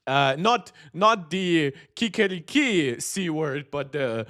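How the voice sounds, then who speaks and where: A man's voice: fairly high pitch, animated, slow, fairly bright tone. Chatty man reacting to tech videos. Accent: mixed, not clearly regional. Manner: chatty, laughing asides, reads chat aloud. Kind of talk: casual live-stream commentary. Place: Berlin.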